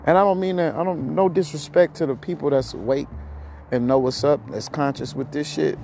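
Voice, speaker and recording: A man's voice: fairly high pitch, steady tone, fairly quick, vocal fry, darkish tone, slight background noise. A man hosting a podcast, ranting heatedly with lots of profanity and a rambling flow, somewhat out of breath. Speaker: podcast host. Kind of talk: ranting monologue.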